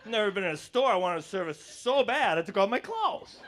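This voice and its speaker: A stand-up comedian, a man with a fairly high voice, works a theater crowd. He tells stories sarcastically and plays both sides of his arguments. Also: lively intonation, fast, hardly any pauses, a bit bright. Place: theater stage before a live audience.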